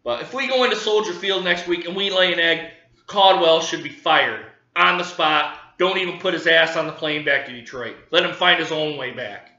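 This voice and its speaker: Livid over his football team, a man who vlogs as a sports fan swears and keeps repeating himself. He speaks at a normal speed in a sharp, somewhat high voice, recorded in a roomy space with the top end cut off.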